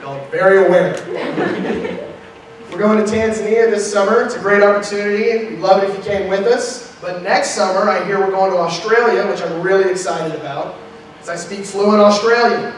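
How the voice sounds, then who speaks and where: A man's voice: high-pitched, a little fast. A young man doing a stand-up set in a wry, conversational manner at a live venue. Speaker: stand-up comedian. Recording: echoey room from far off, noisy.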